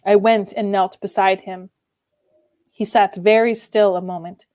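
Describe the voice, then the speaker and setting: A woman giving an expressive, measured dramatic reading of a classic novel as a first-person narrator. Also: medium pitch, no echo. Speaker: reader.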